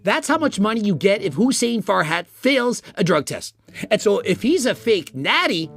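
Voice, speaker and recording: A man's voice: high-pitched, moderate pace, creaky, breathy edge. A fitness YouTuber, a man, ranting defensively and insistently in a vlog. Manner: animated, indignant, insistent.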